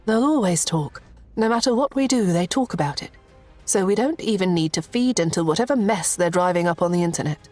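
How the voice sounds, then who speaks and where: A woman voicing a gracious young princess who speaks politely and soothingly, pitched higher than her narration. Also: expressive, fairly quick, darkish tone, faint music behind, lightly acted.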